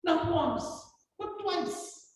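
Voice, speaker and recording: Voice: very high voice, animated, drawn-out words. A speaker with a Jamaican accent giving a ceremonial address at a commissioning service, telling stories earnestly and repeating words for emphasis. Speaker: guest speaker at a justice of the peace commissioning. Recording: distant voice in a very echoey hall.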